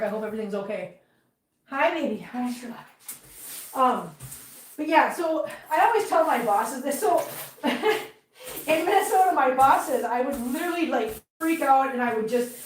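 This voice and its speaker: A woman's voice: high voice, animated, normal speed, distant mic. Chatty woman venting off-mic. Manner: chatty, rambling, heated venting. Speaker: livestream host. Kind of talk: casual live chat while cleaning. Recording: roomy, from off-mic.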